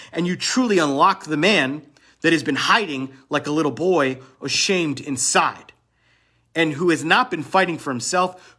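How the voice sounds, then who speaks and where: A man's voice: on the high side, bright, forceful tone, slightly rough. A man coaching other men on relationships in a blunt motivational monologue, swearing and repeating phrases for emphasis.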